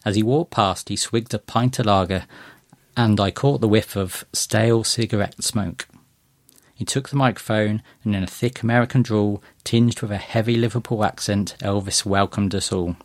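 A man reading a first-person short story aloud in a gentle, measured way. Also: fairly low pitch, no room sound, clean studio sound. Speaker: narrator.

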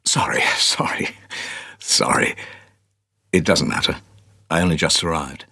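A man reading an audiobook, voicing a glamorous, breezy young wife with a light, breathy, playful delivery. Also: a bass voice, measured pace, pushed and bright, dry recording, in a whisper, studio quality, exaggerated voice. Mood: teasing.

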